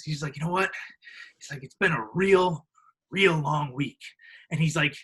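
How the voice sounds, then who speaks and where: A man's voice: fairly high pitch, normal speed, slightly rough, low-quality recording. A young man in his twenties, a podcast guest, telling stories casually and animatedly, acting out other people's voices and using lots of fillers. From Illinois, US. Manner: animated, acts out other people, heavy filler words, laughs often. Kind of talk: casual storytelling.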